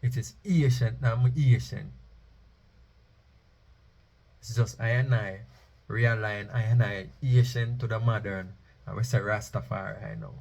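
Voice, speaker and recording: A man's voice: fairly low pitch, steady tone, a little slow, vocal fry, pauses often, a little mellow, highs cut off. A man delivering an emphatic preaching monologue, chanting key phrases for effect. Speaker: Rastafari speaker.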